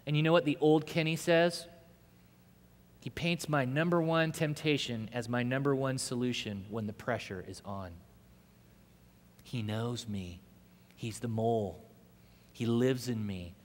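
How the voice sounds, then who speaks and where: A man preaching a sermon, telling a story with animation and swinging between loud bursts and hushed moments. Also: medium pitch, a little slow, a little hiss or hum. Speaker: pastor. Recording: echoey hall reverb.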